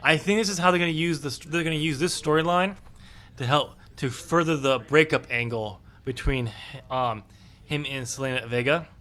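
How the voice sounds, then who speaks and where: A man co-hosts a podcast in a loose, casual chat. His voice is fairly high and bright, and he talks in an opinionated way, full of ums. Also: moderate pace. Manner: opinionated, chatty with frequent ums. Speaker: podcast co-host.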